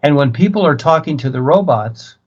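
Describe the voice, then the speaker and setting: A man's voice: a little high, expressive, a little fast, a little mellow, breathy edge. A man teaching on a video call, in an insistent, repetitive, preachy way. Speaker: spiritual teacher. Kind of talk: lecturing over a video call. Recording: muffled video-call audio.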